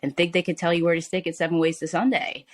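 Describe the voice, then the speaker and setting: A woman's voice: on the low side, level tone, quick pace. A woman in her thirties talking casually and frankly as a podcast guest, with frequent "like" and "you know" and ready laughter.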